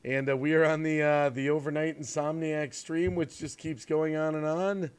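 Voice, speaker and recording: A man's voice: on the high side, flat delivery, moderate pace, smooth. A man hosting a livestream, chatting casually on a video call, laughing easily and repeating himself. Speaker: livestream host.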